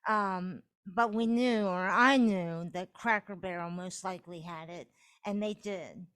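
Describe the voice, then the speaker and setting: A woman's voice: lowish voice, unhurried, a bit bright, smooth. A woman co-hosting a casual podcast chat, explaining things in an orderly, informative way. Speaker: podcast co-host.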